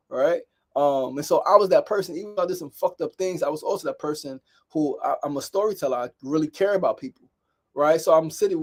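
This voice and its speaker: A man's voice: on the high side, darkish tone. A man hosting a daily show, speaking candidly in a reflective solo monologue and often repeating himself. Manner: candid, repetitive, storytelling with acted quotes.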